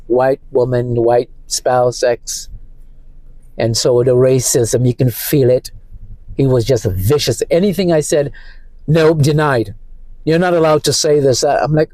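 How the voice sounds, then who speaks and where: Shaken man, dark dry voice. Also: mid-range voice, no room sound, rough recording. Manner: distressed, halting, repeats himself. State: emotionally shaken. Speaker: vlogger. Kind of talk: emotional personal monologue. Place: parked car.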